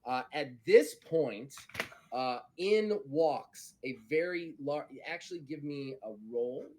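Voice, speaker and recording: A man's voice: a little high, animated, slow pace, a little mellow, slight background noise. A man narrating as game master, loose and chatty with many fillers. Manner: loose, filler-heavy narration with frequent laughs. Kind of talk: narrating a tabletop role-playing game.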